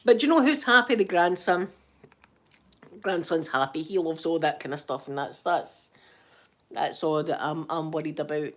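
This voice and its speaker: A Scottish woman in her fifties with a sore throat, chatting softly in a rambling, self-mocking way for an ASMR channel. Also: low-pitched, normal speed. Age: 50s. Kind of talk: soft-spoken ASMR chat.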